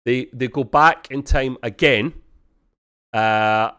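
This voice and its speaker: A man of middling pitch co-hosting a relaxed review podcast. He rambles along with plenty of ums and restarts, and he jumps into high squeaky voices whenever he acts out a quote. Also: slow, clear, resonant tone. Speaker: podcast co-host. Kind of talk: casual review chat.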